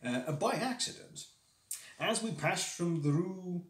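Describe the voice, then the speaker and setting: A man streaming live, reading a classic story aloud with expressive delivery and the odd stumble over hard words. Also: high-pitched, takes it slowly. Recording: roomy echo.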